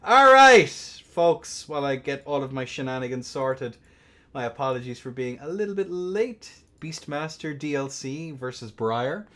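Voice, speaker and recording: A young man hosting a game tournament stream, rambling and swearing between bursts of excited play-by-play commentary. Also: medium pitch, normal speed. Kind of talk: casual livestream game commentary.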